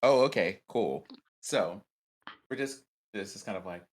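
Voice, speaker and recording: A man taking his turn in a tabletop game, with a somewhat low voice. He thinks aloud hesitantly, with plenty of ums and restarts. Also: expressive, measured pace. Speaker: player.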